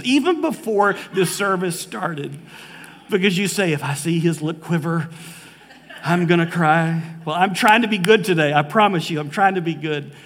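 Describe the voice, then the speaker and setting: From the pulpit, a male pastor delivers a sermon in a high, somewhat bright voice full of heartfelt conviction, slowing to stress key points and growing emotional at times. He's on a live preaching mic, with long reverb filling the church sanctuary.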